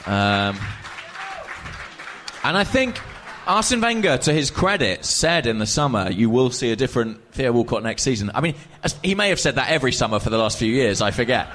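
A man's voice: mid-range voice, animated, brisk, fairly bright tone, some chatter behind. A man co-hosting a live podcast recorded in a bar, chatty and joking. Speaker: podcast co-host.

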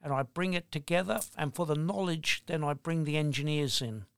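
Deliberate older man, firm. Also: on the high side, creaky, clear, resonant tone. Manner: deliberate, firm, slow in places. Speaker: guest, engineering business owner. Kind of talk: interview answers.

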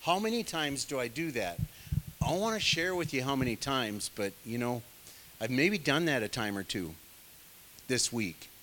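A man's voice: medium pitch, animated, moderate pace, sharp tone, a little hiss or hum. A man preaching a sermon in a conversational way, full of asides to the congregation. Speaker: pastor.

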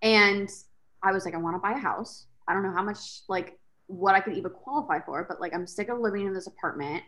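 A woman's voice: medium pitch, brisk. Candid woman guest telling her story. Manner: candid, expressive storyteller who swears. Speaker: podcast guest, entrepreneur. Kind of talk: casual chat.

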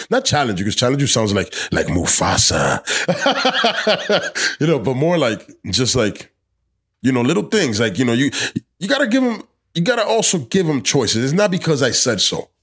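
Young male podcast host, casual and profane, mid-pitch voice, recorded outside in the cold. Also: brisk. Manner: loose, profane, animated rants with slang. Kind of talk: casual chat. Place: outdoors in the cold.

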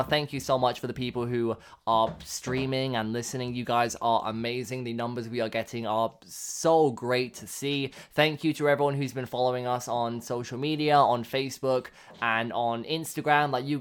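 A man's voice: medium pitch, a little hiss or hum. A young man in casual podcast talk, rambling with plenty of "like"s. He laughs often. His voice sits in a middle register. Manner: chatty, laughs often, many fillers. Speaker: podcast co-host. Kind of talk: casual chat.

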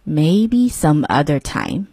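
A woman voicing a hungry, sly snake in a storybook reading, with a low, hissing menace. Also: very animated, slow pace, warm tone, husky, no echo, studio quality, exaggerated voice. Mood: sulky.

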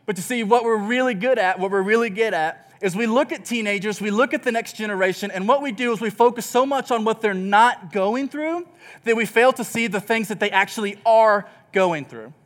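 A young man from Texas preaching a sermon, opening with a funny, self-deprecating story in a lively storytelling manner. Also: high voice, fairly quick.

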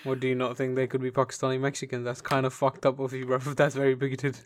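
A man's voice: medium pitch, monotone, fast. Blunt, sweary young man. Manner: blunt, sweary, laughs often. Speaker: podcast co-host. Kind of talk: casual chat.

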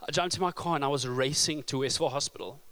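A man, preaching a sermon with humorous stories and loud emphasis. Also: medium pitch, quick pace. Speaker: pastor.

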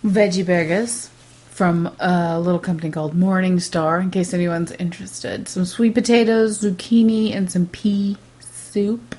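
A woman co-hosting a podcast in casual chat, talking in a rambling, animated way with many restarts. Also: on the low side, a little slow. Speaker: podcast co-host.

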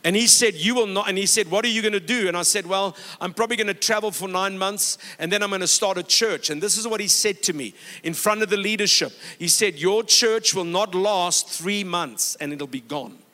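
Pastor guy preaching in a big echoey church, bright high voice, tells stories w quotes. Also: fast, hardly any pauses. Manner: exhorting, storytelling with quoted dialogue. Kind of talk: sermon. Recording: long hall reverb.

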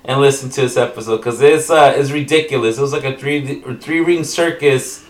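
A man telling a story in casual chat, animated and full of slang, in a roomy, off-mic recording. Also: medium pitch, brisk, far from the mic. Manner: animated, slangy, acts out the characters. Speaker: podcast co-host.

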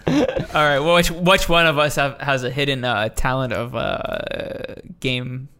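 A young man co-hosting a podcast in casual chat, excitable and quick to laugh. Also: medium pitch, clean tone. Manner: excitable, laughs often, acts out voices in stories. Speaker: podcast co-host.

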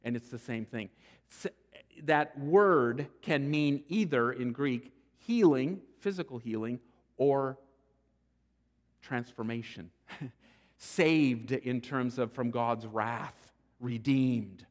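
A man preaching a sermon, emphatic and deliberate, often restarting phrases. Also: medium pitch. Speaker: pastor. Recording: long church-hall reverb.

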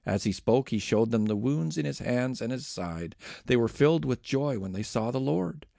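A man giving an expressive, dramatic reading of scripture aloud. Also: mid-range voice, moderate pace, gravelly, dry recording, studio quality. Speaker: scripture reader.

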